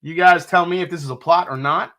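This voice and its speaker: A man's voice: fairly high pitch, steady tone, a little fast, sharp tone. A man from New York hosting a casual live stream, reading out viewer comments, joking, swearing casually and laughing often. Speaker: livestream host.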